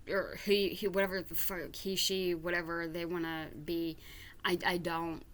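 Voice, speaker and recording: A woman's voice: lowish voice, bright, forceful tone. A woman doing reaction commentary, ranting in exasperation, swearing and stumbling over repeated words. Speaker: reaction vlogger. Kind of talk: reaction commentary reading viewer comments aloud.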